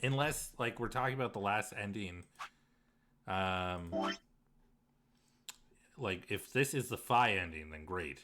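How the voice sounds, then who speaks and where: A man's voice: lowish voice, measured pace, long pauses, pushed and bright. A man streaming a game live, reacting emotionally and laughing often as he comments on the story. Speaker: let's play streamer.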